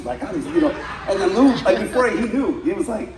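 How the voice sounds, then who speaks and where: A man's voice: fairly high pitch, lively intonation, quick pace, few pauses, darkish tone. A man doing a stand-up comedy set, telling rambling stories full of "like" and "right?". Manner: storytelling with frequent "like" and "right?". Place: party venue with guests. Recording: roomy echo, mic from a distance, faint room noise.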